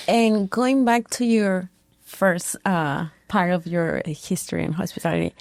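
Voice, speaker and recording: A woman co-hosts a casual interview and asks her questions in a loose, searching way. Her voice is lowish with a gravelly edge, and the sound is dry and close. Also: expressive, unhurried, a little mellow, dry recording. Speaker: podcast co-host.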